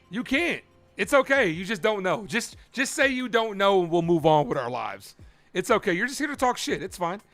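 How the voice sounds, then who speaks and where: A man's voice: sits high, sing-song, moderate pace, a bit bright, faint music behind. A young man streaming live baseball play-by-play, heatedly arguing with viewers in chat and calling the ball-and-strike count between his points. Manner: heated and argumentative, pressing chat for answers; calls balls and strikes between rants.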